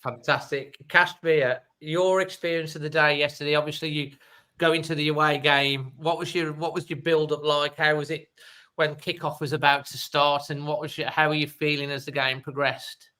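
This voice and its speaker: A fairly high-pitched man hosts a fan phone-in with a bright, forceful tone. His voice is smooth and crisp. He talks in an upbeat, rambling way and strings his questions together loosely. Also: level tone, normal speed, low-quality recording. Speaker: host of a fan phone-in show. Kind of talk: casual podcast hosting.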